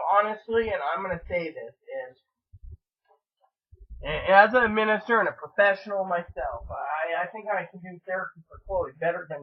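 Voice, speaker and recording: A man's voice: high voice, slightly rough. A man who works as a minister, chatting casually and rambling between topics in a vlog. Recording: distant tinny phone-like sound.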